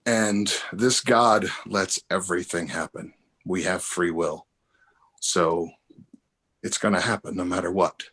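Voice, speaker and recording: A man's voice: low-pitched, steady tone, a little slow, fairly bright tone, husky. Older male comic, loose rambling storyteller, speaking over a video call. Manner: rambling, self-correcting. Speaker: comedian and minister. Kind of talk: storytelling stand-up.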